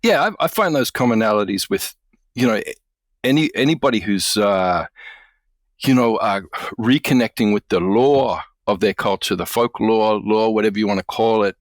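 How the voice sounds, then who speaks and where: A man's voice: fairly low pitch, normal speed, no room sound, clean studio sound. A man from far North Queensland, a guest speaking in an easygoing, loose way with fillers and laughs. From far North Queensland, Australia. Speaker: guest, academic and author. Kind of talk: casual conversation.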